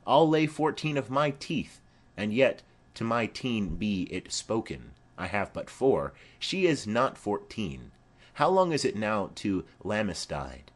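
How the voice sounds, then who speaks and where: A man's voice: on the low side, sing-song, a little slow. A man doing a rambling old nurse woman. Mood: rambling fondly. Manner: rambling, garrulous storytelling. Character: chattering old female nurse, rambling and fond. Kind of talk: audiobook play reading.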